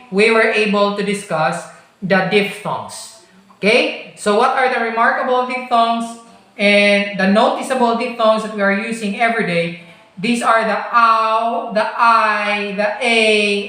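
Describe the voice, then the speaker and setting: A woman with a Filipino accent teaching English pronunciation, modelling each word deliberately in repeat-after-me drills and addressing the class. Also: medium pitch, a bit bright. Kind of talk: online speech lesson with repeat-after-me drills. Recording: very echoey room.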